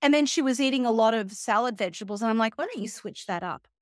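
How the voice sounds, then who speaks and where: Animated high-voiced woman guest. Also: fast talker, dry recording, studio quality. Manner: animated, acts out quoted voices, sarcastic asides. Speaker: guest, health and wellness coach. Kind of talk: casual interview chat.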